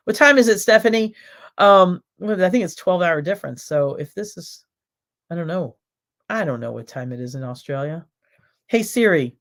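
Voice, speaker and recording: A woman hosting a casual home livestream, chatting and rambling directly to her viewers. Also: deep voice. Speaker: cooking show host. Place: home, by a back window.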